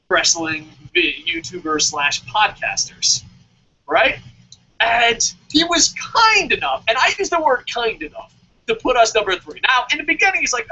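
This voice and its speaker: A man co-hosting a casual podcast, excitable and swearing often, with mock-dramatic outbursts. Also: very high-pitched. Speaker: podcast co-host. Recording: dull lo-fi podcast audio.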